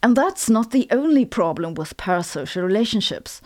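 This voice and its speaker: A woman with a German accent delivers a scripted explainer like an impromptu lecture. Her voice sits at an ordinary middle pitch, and she slips dry, sarcastic jokes in between her points. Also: expressive, moderate pace, a little mellow. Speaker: physicist and video host. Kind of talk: scripted educational monologue.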